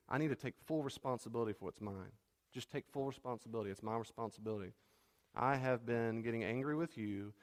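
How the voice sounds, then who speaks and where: A man's voice: medium pitch, big-room sound. Conversational middle-aged male pastor. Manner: conversational, repeats key phrases, self-deprecating asides. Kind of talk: sermon.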